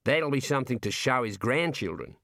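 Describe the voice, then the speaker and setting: A man voicing a cheerful, chatty prison warder, talking in a folksy, drawn-out way. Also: medium pitch, animated, sharp tone, no room sound, clean studio sound. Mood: jovial. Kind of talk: audiobook character voice.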